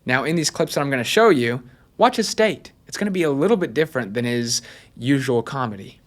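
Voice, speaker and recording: A man hosting a casual personality analysis video, chatty and excitable, with lots of "like". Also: mid-range voice, a little fast. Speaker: host.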